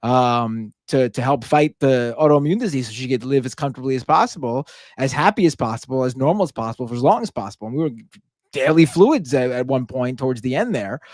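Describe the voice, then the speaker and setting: A man's voice: medium pitch, animated, brisk, darkish tone, no room sound, studio quality. A man hosting a live stream, reading super chats aloud and ranting in a casual, profane, indignant way. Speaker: livestream show host.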